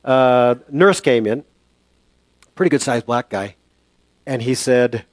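An older man preaching a sermon through a personal story and prayer, halting and reflective, with many fillers and restarts. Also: mid-range voice, no echo.

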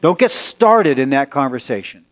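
Male pastor, mid-pitched, emphatic sermon delivery with shifting pace. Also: big pitch swings, normal speed. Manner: earnest, emphatic, varies pace for effect. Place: church sanctuary.

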